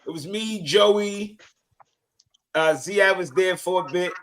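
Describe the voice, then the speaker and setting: Guy hosting a stream, bright forceful voice, kinda high, rambles on easy. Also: slow pace, slight background noise. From New Jersey. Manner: loose, rambling, laid-back. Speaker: stream host. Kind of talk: casual chat.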